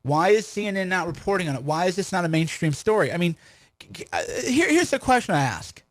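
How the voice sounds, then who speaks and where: A man's voice: high voice, big pitch swings, fast. A man hosting a livestream commentary, combative and full of rhetorical questions and restarts. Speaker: commentator and host of his own stream.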